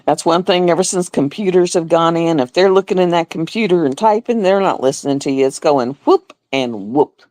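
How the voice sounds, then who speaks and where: On a casual live stream, a middle-aged nurse tells a story animatedly and emphatically, repeating words for effect. Her lowish voice moves briskly with hardly any pauses, and there's no echo.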